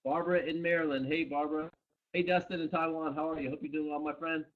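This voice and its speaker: A man's voice: a little high, steady tone, quick pace. A man co-hosting a live company webcast, upbeat, greeting viewers by name and location. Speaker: company co-founder hosting a live product training. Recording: dull lo-fi webcast audio.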